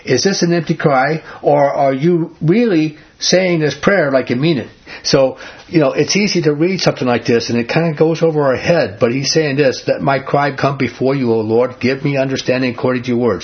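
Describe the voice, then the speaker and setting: Male Bible study leader, husky and earnest, quizzes the group; muffled lo-fi recording. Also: mid-range voice. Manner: earnest, asks the group questions. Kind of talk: conversational Bible teaching. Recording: dull lo-fi recording.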